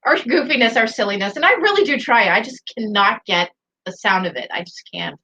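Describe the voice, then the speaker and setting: A woman's voice: on the high side, animated, a little fast, sharp tone, low-quality recording. A woman co-hosting a casual morning livestream, giggly, playful and self-deprecating. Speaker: co-host.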